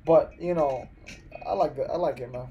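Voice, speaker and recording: Man, American accent, fairly high voice, chatty, laid-back, faint music behind. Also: moderate pace, mellow, highs cut off. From Philippines, raised in the US. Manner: chatty, frequent "bro" and "man", many restarts. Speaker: live stream host. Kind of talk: casual live stream chat with viewers.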